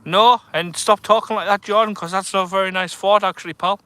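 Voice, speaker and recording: A bright, lively-toned man chats to his live viewers from a dark shore at night, joking nervously and reading out their comments. His voice sits a little high for a man and comes through close and dry on a phone or camera mic, with almost no room sound. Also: fairly quick, dry recording. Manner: chatty, nervous, jokey, reads out comments. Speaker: fishing vlogger streaming live. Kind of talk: casual live-stream chat to viewers. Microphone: phone or camera on a tripod.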